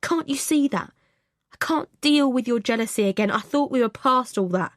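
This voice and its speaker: Woman voicing a worn-out husband, curt and fed up, slow and heavy delivery. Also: on the high side, animated, dry recording, clean studio sound, voice pushed up, natural voice. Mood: exasperated. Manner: weary, curt, swears when cornered. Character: tired exasperated husband, adult man.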